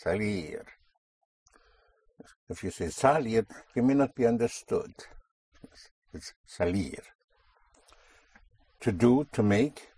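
A man's voice: medium pitch, animated, normal speed, warm tone, breathy edge. A man teaching a language lesson, patiently repeating and correcting a student's answers. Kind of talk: guiding a student through spoken drills.

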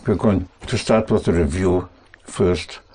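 A man teaching a language lesson to students, speaking slowly and patiently, prompting and correcting them. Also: low-pitched, warm tone, slight background noise. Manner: slow, patient, reassuring, repeats and corrects.

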